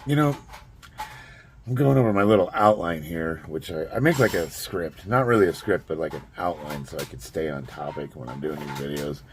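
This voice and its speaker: A man's voice: rumbling low, normal speed, slight background noise. A middle-aged man telling a story in a casual vlog, rambling, chuckling now and then, with lots of fillers. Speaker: vlogger.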